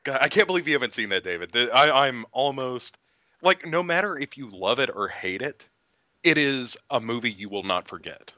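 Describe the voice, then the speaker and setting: A man co-hosting a podcast in casual chat, joking crudely and animated, on dull lo-fi audio. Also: medium pitch, moderate pace, dry recording. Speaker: podcast co-host.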